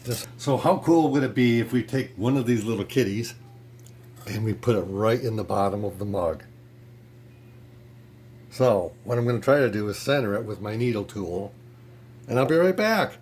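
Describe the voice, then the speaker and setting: A man's voice: on the low side, normal speed, pauses often, a little hiss or hum. Chatty man teaching pottery. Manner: relaxed, chatty, with many fillers and restarts. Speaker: ceramics instructor. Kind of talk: casual how-to demonstration. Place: pottery studio.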